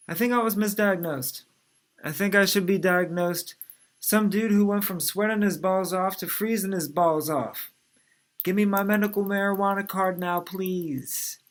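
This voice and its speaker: A man in his thirties from New Orleans, telling stand-up jokes in a dry, conversational way. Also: high voice. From New Orleans, USA. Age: 30s. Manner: dry, conversational joke delivery. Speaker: comedian. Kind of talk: stand-up set.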